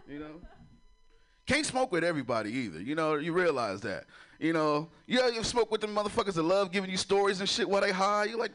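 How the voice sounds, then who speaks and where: Lively high-voiced crude stand-up comic. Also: male voice, brisk. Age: adult with a son. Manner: crude, laughs at own jokes; loose, chatty, keeps asking "you know". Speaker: stand-up comedian. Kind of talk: stand-up comedy set.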